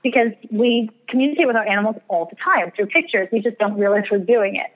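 A woman's voice: mid-range voice, quick pace. A woman, an astrologer and medium, telling a rambling, self-deprecating story in a casual interview. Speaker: astrologer and psychic medium guest. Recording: tinny phone-like radio line.

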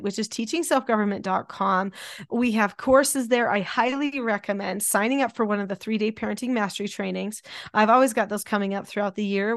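A woman's voice: medium pitch, no echo. Enthusiastic woman podcast host, dry sound. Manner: enthusiastic, warm-hearted promoting. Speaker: podcast host, parenting teacher. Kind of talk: casual podcast chat.

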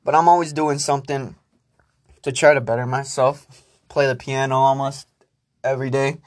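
Speaking at a moderate pace with a steady, medium-pitched tone, a young man runs his own casual podcast. He wanders from thought to thought, swears liberally, and addresses himself as much as his audience.

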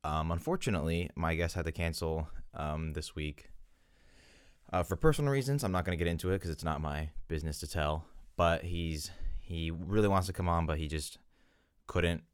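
A young man with a deep, smooth voice chats casually on his solo podcast. He rambles and corrects himself, sounding a little out of breath. The sound is close and dry. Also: normal speed, no echo. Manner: rambling, self-correcting, chatty. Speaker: podcast host.

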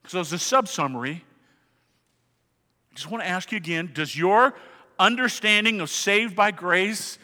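A man with a high, bright voice preaches a sermon to his congregation, talking conversationally and pressing points with emphasis. He keeps asking the listeners questions. His voice rings with the long reverb of a large church hall. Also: unhurried, pauses often. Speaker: pastor. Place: church sanctuary.

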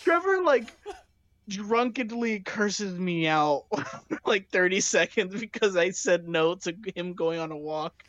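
A woman's voice: fairly low pitch, animated, slow, fairly bright tone, no echo. Giggly young woman, dull lo-fi sound. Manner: giggly, storytelling with many fillers. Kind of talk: casual chat.

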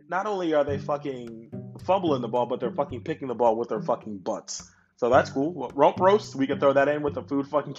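Give me a heated, foul-mouthed young man hosting a football podcast on a muffled recording. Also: medium pitch. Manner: profane, heated and worked up. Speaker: podcast host. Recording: dull lo-fi recording.

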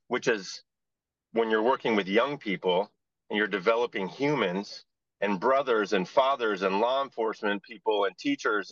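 Brief: low-pitched male coach, earnest and thoughtful, dry, dull remote recording. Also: fairly bright tone, no room sound. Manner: earnest and measured, lays out ideas. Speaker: coach and podcast co-host. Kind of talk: reflective podcast talk.

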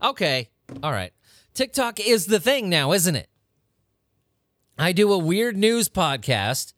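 A man's voice: high voice, very animated, slow, fairly bright tone, no echo. A man hosting a weird-news podcast, ranting casually with lots of profanity and incredulous outbursts. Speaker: podcast host. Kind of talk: casual comedic rant.

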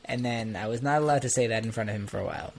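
A man's voice: on the low side, rapid-fire, gravelly, slight background noise. A young man co-hosting a podcast, telling stories in casual chat, joking and laughing often. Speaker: podcast co-host.

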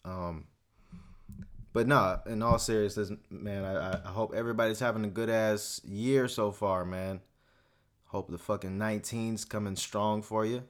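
A man's voice: fairly low pitch, steady tone, normal speed. A young man hosting a solo podcast, ranting casually in a profane, swaggering, rambling way. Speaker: podcast host.

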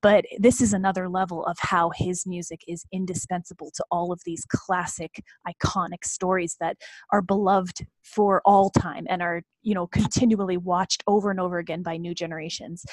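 A woman's voice: on the low side, fairly even intonation, moderate pace, no echo. Female co-host, 30s, earnest and effusive, dry close sound. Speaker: podcast co-host. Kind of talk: casual chat.

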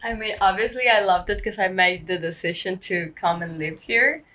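A woman's voice: medium pitch, moderate pace, bright, forceful tone, poor audio. A young woman, a podcast guest, chatting in an easygoing way with lots of "like" fillers. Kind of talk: casual chat.

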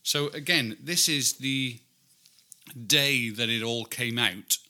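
A man's voice: mid-range voice, takes it slowly, pushed and bright. A British man co-hosting a casual chat, reading old newspaper articles aloud in a wry, chatty way. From Britain. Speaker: podcast co-host.

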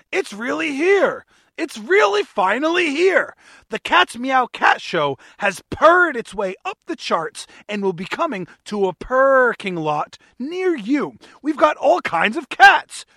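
Hammy cat-show ad announcer with a mock accent, bright and gravelly, put on by a man. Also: extremely high pitch, big pitch swings, slow pace, no echo, studio quality, full character voice. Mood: hyped. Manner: mock accent, over-the-top hype.

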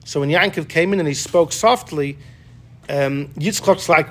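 Guy teaching a torah class, lively, acting out the lines, restarts a lot. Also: a little high, a little slow. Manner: animated, acts out quotes, many restarts. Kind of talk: casual classroom Torah lesson. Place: classroom with students.

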